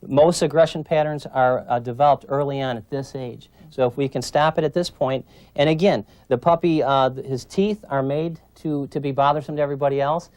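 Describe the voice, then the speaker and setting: Male trainer mid-lesson, even-pitched, patient and instructive, frequent check-ins, dry room. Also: a little fast, dry recording. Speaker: dog trainer. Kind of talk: instructional demonstration.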